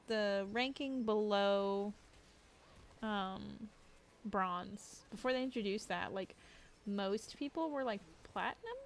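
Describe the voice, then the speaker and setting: A young woman streaming late at night, sleepy and yawning, chatting in a rambling, self-deprecating way at her desk mic. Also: fairly high pitch. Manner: chatty, self-deprecating, drifting train of thought. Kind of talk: casual rambling stream chat.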